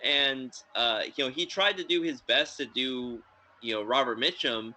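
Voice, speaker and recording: This medium-pitched man speaks at normal speed while hosting a casual film review podcast, captured on a rough recording. His talk rambles, packed with fillers, and he sounds excitable.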